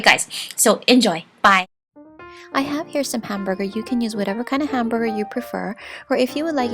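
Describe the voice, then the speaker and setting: A woman's voice: a little high, vocal fry. A woman from Hawaii hosting a cooking vlog, chatting with viewers in a digressive, friendly way. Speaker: cooking channel host. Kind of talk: casual cooking vlog chat.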